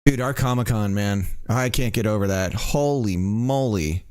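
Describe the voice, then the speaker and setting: Chatty game dev streamer, dry close sound. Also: male voice, lowish voice, normal speed, darkish tone, no room sound. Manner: rambling, laughing, swearing, self-correcting. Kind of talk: casual live-stream chat while coding.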